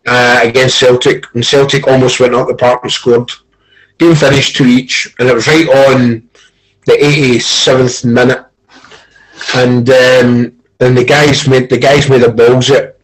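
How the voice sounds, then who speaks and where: A Scottish man, a former football coach, chatting casually as a pundit and telling animated stories with plenty of swearing. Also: mid-range voice, unhurried, poor audio. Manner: animated storyteller, acts out quoted arguments, swears.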